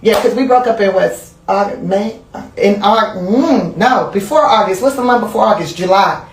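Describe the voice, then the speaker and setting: A woman telling a candid personal story in a casual interview, animated and profane, laughing as she goes. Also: medium pitch, moderate pace, roomy sound, slight background noise. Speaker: interview guest.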